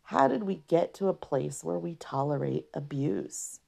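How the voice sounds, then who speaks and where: A woman hosting a podcast, telling her own story unscripted and earnestly, with a rough voice from allergies and frequent throat clearing. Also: deep voice, lively intonation, measured pace, darkish tone. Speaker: podcast host. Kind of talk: personal testimony podcast.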